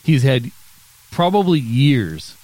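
A man co-hosting a casual podcast, talking in a relaxed, thoughtful way about a TV episode. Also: mid-range voice, slow, no echo, low-quality recording. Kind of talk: casual chat recapping a TV episode.

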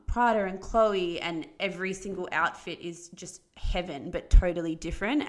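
A woman co-host chats casually, scattering fillers through her talk. Her voice is low and has a gravelly fry. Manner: chatty, lots of "like" fillers. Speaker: podcast co-host. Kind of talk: casual chat.

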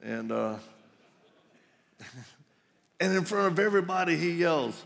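A man preaches at a live conference, his voice gravelly and rough. He tells stories in a folksy way, full of asides to the crowd. The sound rings out with long reverb in a large hall. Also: on the high side, expressive, measured pace, a bit bright. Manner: folksy storytelling with laughs and asides. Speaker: conference speaker. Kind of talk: live sermon to men.

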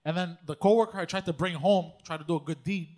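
Man, casual podcast talk, rambling anecdote, slightly high voice. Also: fast talker, darkish tone. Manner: rambling anecdote, restarts, swears. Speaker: podcast co-host.

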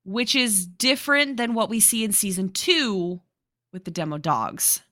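A woman co-hosting a podcast, excitedly recapping a TV show in casual chat, swearing and laughing often. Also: medium pitch, measured pace, dry recording, studio quality. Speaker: podcast co-host.

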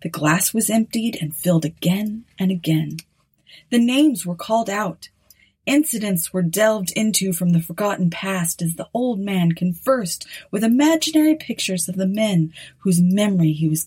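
A woman narrating an old story in a measured, solemn reading. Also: medium pitch, darkish tone, breathy edge, poor audio.

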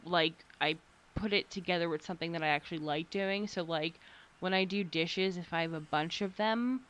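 A woman's voice: lowish voice, moderate pace, fairly bright tone, clear, resonant tone. A young American woman co-hosting a podcast, chatting casually, rambling from story to story, laughing often and swearing now and then. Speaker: podcast co-host. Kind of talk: casual chat.

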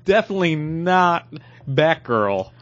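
A lively man co-hosting a casual podcast. His pitch swings up and down a lot as he jokes with the others. The recording is dull and lo-fi. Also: a little slow. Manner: animated, joking, lively delivery. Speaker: podcast co-host. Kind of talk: casual chat.

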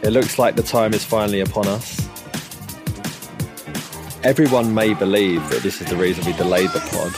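A man hosting a podcast in casual chat, teasing his co-host and laughing often. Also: low voice.

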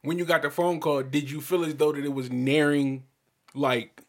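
A man hosting a casual chat, relaxed, backing the speaker with short replies and asking probing questions. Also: a little high, moderate pace.

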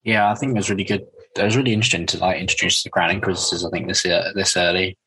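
A man with a very deep, husky voice chatting casually on a podcast. His tone stays bright at the edges while his talk runs loose and laid-back, full of "like". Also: fairly even intonation, racing, poor audio. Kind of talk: casual comic-book discussion podcast.

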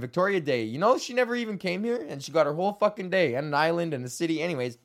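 Young canadian guy rambling on his podcast, a bit high-pitched, stoned, swears and laughs a lot. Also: animated, quick pace, hardly any pauses. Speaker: podcast host. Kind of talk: casual rambling monologue.

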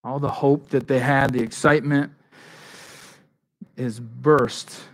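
A male pastor preaching a sermon in a conversational way, slipping into quick voices for the people in the story. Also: mid-range voice, fairly even intonation.

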